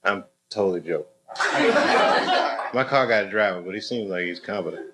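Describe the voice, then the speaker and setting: A man in his fifties talks fairly quickly in a low voice as he does loose stand-up, chatting with the crowd and poking fun at them. The comedy club is loud with audience laughter, and the recording is noisy.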